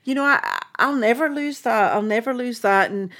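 Scottish mum telling warm stories. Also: female voice, a little high, animated, moderate pace. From Scotland. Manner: warm storyteller, laughs at own stories. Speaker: guest. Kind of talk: casual chat interview.

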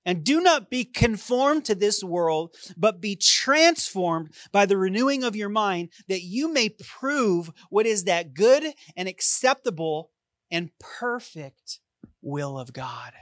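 Pastor, male, lively sermon delivery, close dry recording. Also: sits high, slow pace, no room sound. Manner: animated preaching, swings from loud to hushed.

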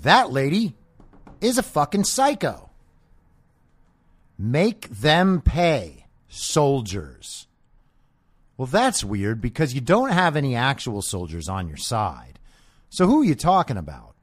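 A man's voice: fairly high pitch, big pitch swings, unhurried, dry recording. A man hosting a political commentary show, talking in a blunt, sarcastic and profane way. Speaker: host.

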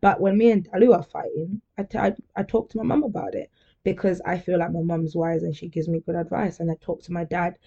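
A woman's voice: on the low side, fairly even intonation, a little fast, creaky, mellow, highs cut off. A young woman hosting a podcast, talking candidly and chattily in a casual monologue, often laughing. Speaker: podcast host.

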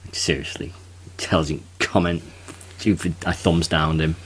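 Podcast co-host, male, very low voice, chatty, jokey asides. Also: level tone, a little hiss or hum. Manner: chatty, quick asides, laughs at own jokes. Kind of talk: casual podcast chat.

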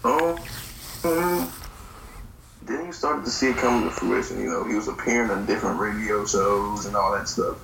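A man co-hosting a podcast, talking in a relaxed, thoughtful way about rap. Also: fairly low pitch, moderate pace, gravelly. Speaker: podcast co-host. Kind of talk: casual hip-hop talk. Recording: roomy echo, faint background hiss.

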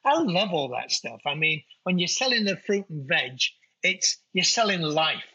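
Bright husky Nottingham man. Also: on the high side, big pitch swings, moderate pace, dull audio. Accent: Nottingham English. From England. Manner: chatty, colloquial, with fillers. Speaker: guest. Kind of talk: casual interview chat.

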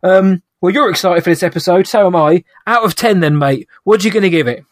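A man's voice: high-pitched, fast, no room sound, clean studio sound. A man co-hosting a podcast, chatting enthusiastically and rambling through his review. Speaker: podcast co-host. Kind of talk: casual podcast review chat.

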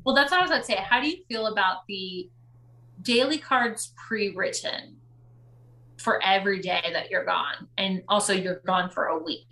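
A woman's voice: medium pitch, normal speed. A young woman co-hosting a casual podcast, recapping a reality show, laughing often and acting out quotes. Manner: animated, laughing, acts out quotes. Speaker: podcast co-host.

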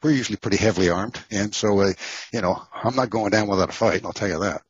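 A low-voiced man from Texas rambles through his stories as a guest author, stopping often on fillers. His voice is very breathy and the sound is dull and muffled. The room adds almost no echo. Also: fast. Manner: rambling, many fillers and restarts. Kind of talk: casual storytelling interview.

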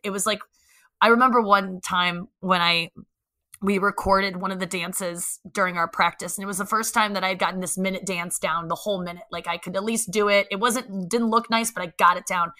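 A young woman comedian telling a self-mocking story in casual chat, animated and swearing freely. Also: mid-range voice, a little fast. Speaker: guest, comedian.

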